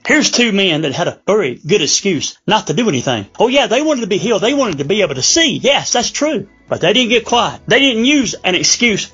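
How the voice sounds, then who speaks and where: A man preaching a fervent sermon as pastor, reading scripture slowly and rising to urgent appeals. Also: sits high, big pitch swings, fairly bright tone, husky, muffled recording, faint music behind.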